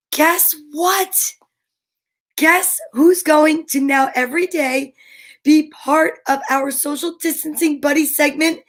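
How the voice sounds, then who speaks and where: A high-voiced woman hosts a children's show, gushing and excitable, often breaking into gasps of delight. She talks slowly and deliberately, drawing out each word for her young viewers. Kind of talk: enthusiastic talk to young viewers.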